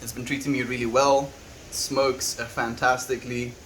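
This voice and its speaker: A South African man talks gently and thoughtfully on a casual livestream, pausing to read viewers' messages aloud. His voice sits at an ordinary middle pitch, with a faint hum of room noise behind him. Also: little pitch movement. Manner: soft-spoken and reflective, reads chat messages aloud.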